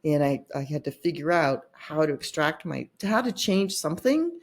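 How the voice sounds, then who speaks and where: A middle-aged woman with a low, slightly husky voice speaks as a podcast guest. She tells personal stories with lively quoted dialogue and an easy, candid manner. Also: moderate pace. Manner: animated retelling with quoted dialogue and laughs. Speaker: podcast guest, consultant and author. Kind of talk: candid storytelling in conversation.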